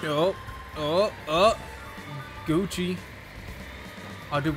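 Young male streamer, slightly raised pitch, faint game music underneath; loose, profane, easily excited play-by-play. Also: slow, long pauses. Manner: excitable, swears a lot, laughs often. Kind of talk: casual gameplay commentary. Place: his bedroom.

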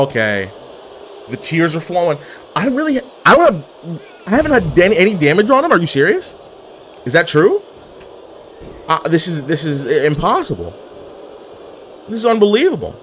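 A young man comments live on his own wrestling match, trash-talking his opponent and swinging between low mutters and sudden yells. His pitch leaps around a lot. A faint hiss sits under the recording. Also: wildly swooping pitch, normal speed, pauses often. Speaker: gaming streamer.

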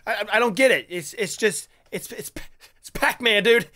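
A man's voice: high-pitched, normal speed, pushed and bright. A young man hosting a casual reaction video, rambling and crude, often stammering and restarting. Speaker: YouTube reaction host.

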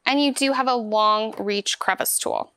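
A woman with a slightly high, smooth and clear voice walks through a product demonstration step by step. She sounds upbeat and chatty. The sound is dry and close. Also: measured pace, a bit bright, dry recording. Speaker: vacuum store product demonstrator.

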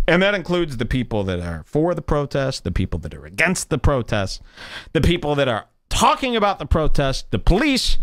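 Male podcast host, mock-serious sarcastic rambler, fairly high voice with big animated swings. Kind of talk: rambling comedic monologue.

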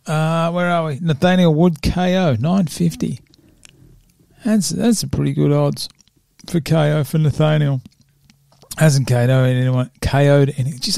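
Gravelly man rambling about bets. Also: on the high side, warm tone, no room sound, studio quality. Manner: rambling, stumbles over names and laughs at himself. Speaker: podcast host giving betting tips. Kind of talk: casual solo chat.

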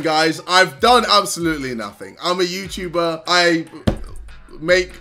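A young man and YouTuber doing loud reaction commentary, laughing and exclaiming between remarks. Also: on the high side, a little slow, faint music behind.

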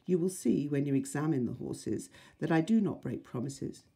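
A bold, commanding young outlaw chief, as a woman reading aloud puts him on, declaiming his demands in a soft, breathy, mellow voice. He sounds firm and sure of himself, like a storybook hero. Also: sits low, expressive, normal speed, full character voice. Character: bold young male outlaw leader, confident.

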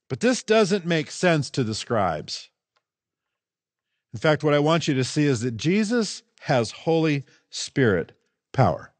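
Animated, emphatic male pastor preaching. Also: fairly high pitch, measured pace, dry recording. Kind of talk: sermon. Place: church.

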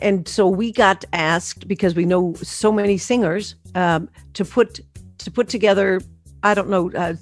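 A woman singer telling stories about her career in a casual interview, animated, with many fillers and restarts. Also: fairly low pitch.

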